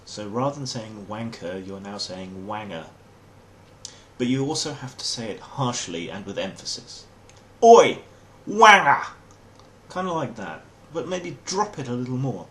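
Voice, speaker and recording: A man's voice: medium pitch, lively intonation, moderate pace, few pauses. An English man hosting a comic explainer monologue in a dry, wry, mock-formal manner. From England. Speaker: host.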